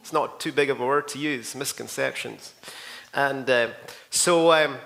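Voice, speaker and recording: A man's voice: mid-range voice, unhurried, vocal fry, a bit bright. A man with a Scottish accent, a pastor giving a rambling, jokey report on a church outreach, full of asides to the listeners.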